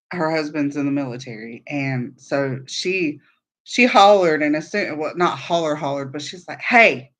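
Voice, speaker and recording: A woman hosting a casual livestream chat, telling meandering, chatty stories. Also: deep voice. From Southern United States. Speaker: podcast host.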